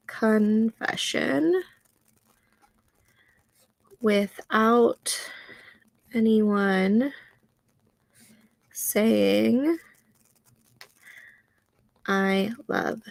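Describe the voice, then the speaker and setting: A woman hosting a casual live stream of writing sprints, stuffy from allergies, reading viewer comments aloud and reacting with unhurried encouragement. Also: medium pitch, vocal fry. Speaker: livestream host running writing sprints.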